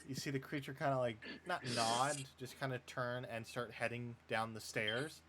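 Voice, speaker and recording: A man's voice: mid-range voice, steady tone, moderate pace, noisy background. A man narrating as game master in a tabletop game, casual and full of "kinda" and "like". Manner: casual, filler-heavy narration.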